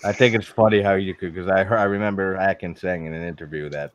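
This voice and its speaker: Low-voiced man hosting a casual chat. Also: steady tone, fast, lo-fi sound, a little hiss or hum. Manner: enthusiastic, laughs while telling anecdotes. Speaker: channel host. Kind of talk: casual group video chat.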